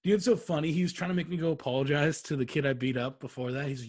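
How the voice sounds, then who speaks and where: A young man on a podcast telling stories in a casual, animated way, acting out what others said. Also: mid-range voice, rapid-fire, hardly any pauses. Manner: animated, swearing, acts out quotes. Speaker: podcast co-host. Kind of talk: casual storytelling chat.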